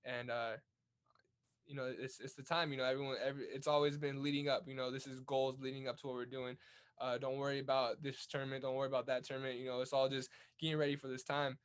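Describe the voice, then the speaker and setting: A man's voice: mid-range voice, flat delivery, fast, clean tone. A young man from California's Central Valley, a boxer talking earnestly as a guest in a casual interview, often repeating words as he goes. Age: young adult.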